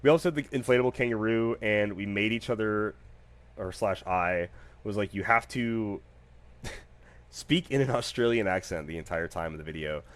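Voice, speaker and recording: A man hosting his own podcast, telling stories in a casual, animated, jokey way with plenty of fillers. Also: lowish voice, moderate pace. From United States. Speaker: podcast host. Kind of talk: casual solo podcast storytelling.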